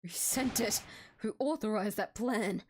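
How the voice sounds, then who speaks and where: A woman's voice: medium pitch, unhurried, a little hiss or hum, natural voice. A woman voicing an earnest young male defense lawyer from a game in her own plain voice, pressing with questions. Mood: probing. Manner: plain questioning read-aloud.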